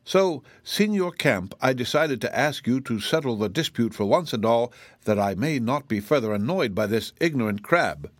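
A man's voice: mid-range voice, animated, normal speed, no room sound, lightly acted. A man voicing a proud, pompous male zebra in a storybook reading, with a formal and indignant way of speaking. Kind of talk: audiobook reading.

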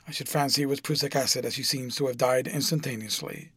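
A man's voice: mid-range voice, fairly even intonation, a bit bright, husky, no echo. A man reading a cynical aristocrat, Lord Henry. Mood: matter-of-fact. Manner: urbane, measured, drawling. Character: worldly older aristocrat, cool, cynical, witty. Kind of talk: audiobook reading.

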